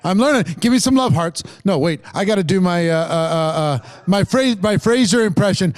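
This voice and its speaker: A man's voice: high-pitched, lively intonation, moderate pace, few pauses. A man hosting a live online summit, hyping the audience and reading out viewer comments. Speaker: summit host. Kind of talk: live-stream event hosting.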